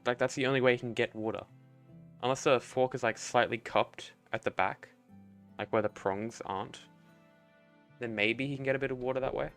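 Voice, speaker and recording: Young male game streamer, casual and mumbly, mid-range voice, soft music underneath. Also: medium pitch. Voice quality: relaxed, mumbly, trailing off, casual swearing. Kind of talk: casual thinking-aloud while building.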